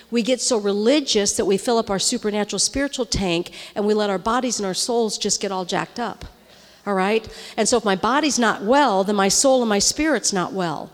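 A middle-aged woman preaching to a room of women in a conversational way. She often checks in with the audience and drops to a near-whisper when moved. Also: medium pitch. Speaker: women's ministry speaker. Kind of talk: sermon. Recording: long reverb of a large hall.

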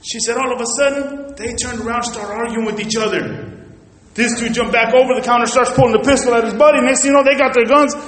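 A male preacher with a high voice delivers a sermon, his storytelling lively and shifting between loud bursts and quiet asides. The sound rings out through a large echoing church hall. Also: fast, a little hiss or hum. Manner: animated storytelling, swings between loud and hushed. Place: church sanctuary.

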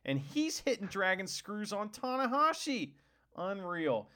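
A man co-hosting a casual wrestling podcast, excitable and swearing freely. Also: sits high, a little slow. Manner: excitable, swears, laughs often. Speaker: podcast co-host.

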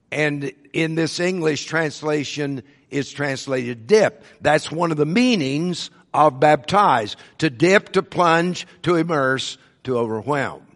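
Preacher guy giving a sermon, slow and careful, kinda high voice, hall echo behind him. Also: a bit bright. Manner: slow, deliberate teaching with emphasized words.

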